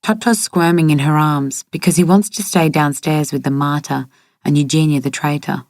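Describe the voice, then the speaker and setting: A woman narrates an audiobook at a steady, even pace. Her voice sits low, and the recording is dry and close. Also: moderate pace, no echo.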